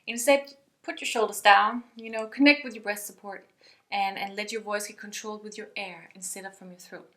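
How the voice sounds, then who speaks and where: A woman's voice: mid-range voice, fairly even intonation, fairly quick. A young woman giving a friendly vocal lesson to camera as a singing teacher. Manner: friendly, demonstrates sung and yelled examples.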